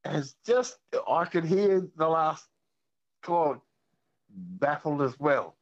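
A man's voice: a little high, very animated, slow. A man with an Australian accent calling a radio quiz, laid-back and musing. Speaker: caller. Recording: dull phone line.

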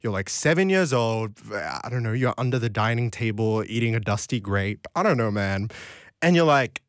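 A man's voice: lowish voice, animated, moderate pace, dry recording. A man, hosting a late-night radio show in a playful, chatty way, talking to listeners from a studio microphone. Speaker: radio host.

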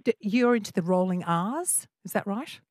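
A woman's voice: medium pitch, lively intonation, normal speed, darkish tone. A woman hosting a radio phone-in, giving brief prompts to guests and callers. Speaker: radio host.

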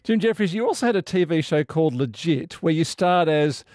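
A man hosting a radio interview, asking steady, prepared questions from a studio. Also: on the high side, a little fast, dry recording. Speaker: radio host.

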